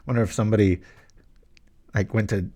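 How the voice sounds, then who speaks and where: Unhurried and mellow, his lowish voice keeps a fairly even intonation. Playing a card game, the man gives relaxed, rambling commentary, slipping in jokes and chatty remarks between plays.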